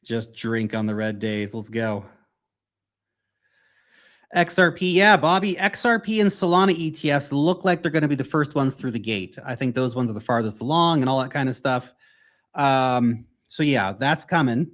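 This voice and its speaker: A man's voice: mid-range voice, normal speed, a bit bright. Blunt, profane American man hosting a crypto stream. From United States. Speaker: crypto livestream host. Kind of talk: casual livestream Q&A.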